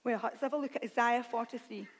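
A woman preaching a sermon, reading scripture aloud with animated, self-deprecating asides. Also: on the high side, fast. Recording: long hall reverb.

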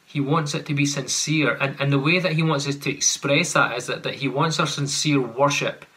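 Bright-voiced man preaching a sermon. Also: mid-range voice, fairly even intonation, normal speed. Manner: earnest, rhetorical questions, acts out sarcastic paraphrases.

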